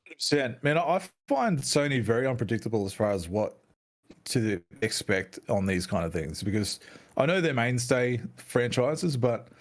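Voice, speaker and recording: A man co-hosting a laid-back gaming podcast, talking at a middle pitch. He is chatty and excitable and swears freely as he talks. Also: moderate pace. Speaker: podcast co-host. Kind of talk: casual gaming chat.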